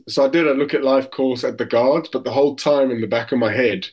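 A man's voice: medium pitch, steady tone, quick pace, a little mellow, husky. A man from South Africa with a South African accent, a guest telling anecdotes in a casual interview, often restarting his sentences. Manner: tells anecdotes with acted quotes, frequent restarts.

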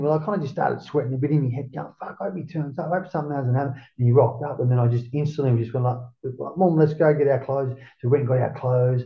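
A man's voice: medium pitch, creaky. A man in his forties with an Australian accent telling stories in a casual interview, swearing freely and acting out his own past words. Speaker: interview guest. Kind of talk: casual storytelling. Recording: roomy, dull lo-fi sound.

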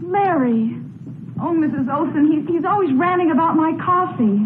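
An actress playing a flustered, apologetic young 1960s housewife in an old TV commercial. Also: female voice, high voice, normal speed, lightly acted. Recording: tinny vintage TV ad audio with loud hiss.

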